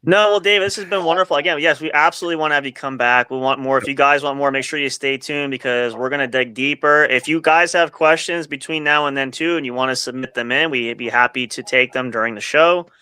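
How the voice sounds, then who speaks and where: Upbeat male podcast host, bright crisp voice. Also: medium pitch, steady tone, fast talker, hardly any pauses, no room sound. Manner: upbeat, rambling, promotional. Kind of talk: casual chat and show sign-off. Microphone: video call.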